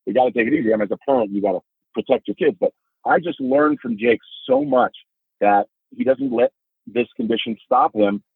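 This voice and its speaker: Husky middle-aged man on a phone-like line. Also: huge pitch swings, moderate pace, no room sound. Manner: earnest, emphatic storytelling, rising pitch when moved. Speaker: podcast guest, father of a son with epilepsy. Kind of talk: podcast conversation. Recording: dry phone-like remote line.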